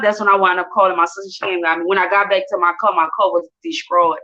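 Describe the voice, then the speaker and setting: A guest shares her personal story with emotion, speaking fast in a low-leaning voice. She's animated, acting out what people said in shifting voices. The lo-fi recording sounds dull.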